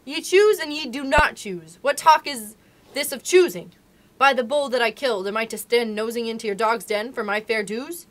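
A woman voicing a furious, arrogant male tiger who roars slow, old-fashioned threats in a storybook reading. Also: fairly high pitch, lightly acted. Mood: roaring. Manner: slow, roaring, archaic threats.

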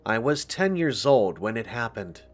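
A man narrating a scripted first-person scary story in a slow, deliberate way. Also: medium pitch, very animated. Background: faint music.

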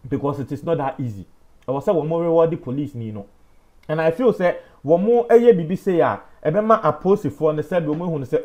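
A high-pitched man with a Ghanaian accent delivers news commentary. He talks emphatically and with animation, rising loud and dropping soft as he presses his points. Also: expressive, a little fast, muffled recording. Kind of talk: opinion commentary.

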